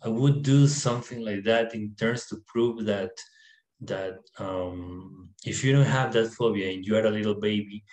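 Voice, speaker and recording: A man explaining ideas about the mind in his apartment, in a halting way with many fillers and restarts. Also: lowish voice, darkish tone, echoey room, rough recording. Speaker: self-help video presenter. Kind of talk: informal talk to camera, reading a text aloud. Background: dog barking, fireworks and freeway traffic outside.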